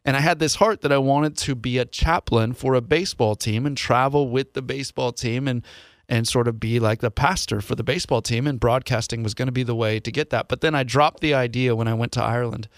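A man's voice: medium pitch, fairly quick, dry recording, clean studio sound. A man from Seattle, a podcast host, telling a personal story in an earnest, confessional way and voicing his past thoughts as quotes. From Seattle, USA.

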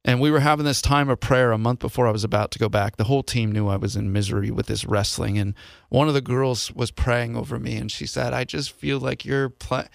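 A man's voice: medium pitch, fast talker, gravelly, no echo, studio quality. A man from Seattle, a podcast host, telling a personal story in an earnest, confessional way and voicing his past thoughts as quotes. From Seattle, USA.

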